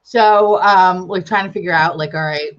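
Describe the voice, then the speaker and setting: A woman's voice: on the low side, moderate pace, muffled recording. A woman guest in a casual live-stream chat, telling stories dramatically and swearing freely.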